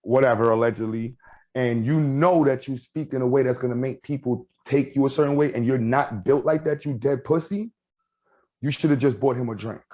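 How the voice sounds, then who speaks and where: A man's voice: mid-range voice, brisk, dull audio. A man telling stories in a casual podcast chat, acting out what people said. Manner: storytelling, animated, acts out quotes.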